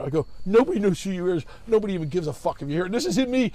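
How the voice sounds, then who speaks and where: A man's voice: sits high, animated, racing, dark tone. A man, telling a long, rambling, profane story in casual chat and acting out other people's voices.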